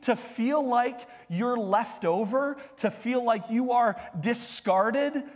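A male pastor giving a sermon in a conversational, animated style with humorous asides. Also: very high voice, slow, in a large hall.

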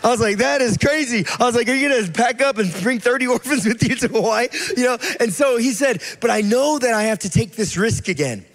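A high-pitched man in his thirties preaches in a casual, storytelling way, acting out the people he quotes. His voice carries a long reverb from the church hall around him. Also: fast, hardly any pauses, a bit bright. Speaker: guest preacher. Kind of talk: sermon.

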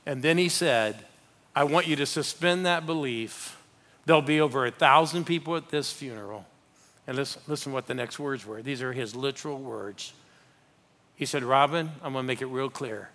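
An older man preaching a live sermon as a pastor, animated and rallying the congregation with call-outs. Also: mid-range voice, normal speed.

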